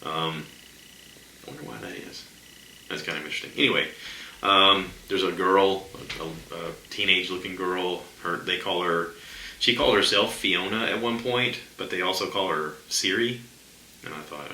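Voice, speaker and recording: A very low, deep-voiced man chatting loosely on his solo podcast, circling back and stacking "um"s as he goes. His tone is strikingly bright and forceful despite the low pitch. The room around him is echoey, with a faint hiss of ambience. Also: moderate pace. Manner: rambling, chatty, many fillers. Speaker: podcast host. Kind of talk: casual solo podcast chat.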